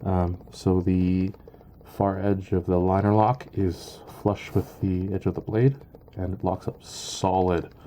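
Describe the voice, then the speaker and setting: A man giving a casual product review, halting and full of ums and uhs. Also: deep voice, little pitch movement, mellow, slight background noise. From Canada. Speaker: knife reviewer.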